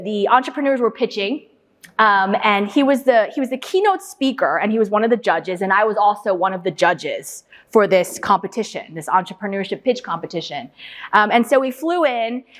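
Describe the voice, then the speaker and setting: A woman lecturer giving an interactive talk. She quizzes the audience, repeats their answers back and tells anecdotes, often checking in with "right?" and "okay?". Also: mid-range voice. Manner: lively anecdotal storyteller with frequent "right?" and "okay?". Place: large lecture hall. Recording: long hall reverb.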